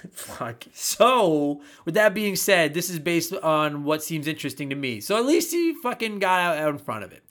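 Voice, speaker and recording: Male podcast host, fairly high voice, casual and profane, lively joking delivery. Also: moderate pace, hardly any pauses.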